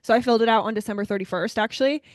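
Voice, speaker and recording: A young woman co-hosting a podcast, chatting casually and brightly, often addressing listeners as "you guys.". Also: a little high, racing, no room sound, clean studio sound. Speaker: podcast co-host. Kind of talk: casual chat.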